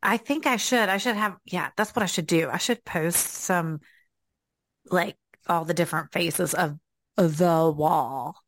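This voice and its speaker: Southern woman with a gravelly voice. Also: on the low side, unhurried, no echo, clean studio sound. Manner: chatty, rambling, with fillers and laughs. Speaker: podcast co-host. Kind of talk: casual faith podcast chat.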